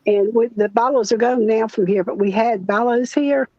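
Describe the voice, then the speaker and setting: Older woman, high voice, slow folksy storyteller, muffled dry audio. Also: warm tone, no room sound. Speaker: chat participant. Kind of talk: casual chat, storytelling. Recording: dull, muffled sound.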